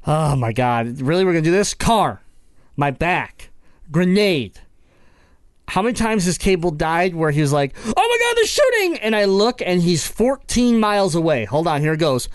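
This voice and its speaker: A man co-hosting a casual podcast chat, teasing a friend with lively, exaggerated storytelling. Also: normal speed, dry recording. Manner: animated teasing, bursts into high squeaky impressions. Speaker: podcast co-host.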